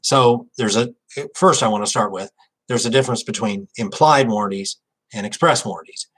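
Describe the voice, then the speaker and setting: A man's voice: on the low side, moderate pace, fairly bright tone, rough recording. A man, an auctioneer, explaining a legal point in an informal talk, thinking aloud with frequent fillers and restarts. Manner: reads a quoted passage aloud.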